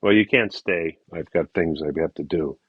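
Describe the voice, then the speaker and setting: A man's voice: sits low, moderate pace, slightly rough, no room sound. A male podcast co-host recapping baseball in a rambling, casual way with many fillers. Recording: dull lo-fi recording.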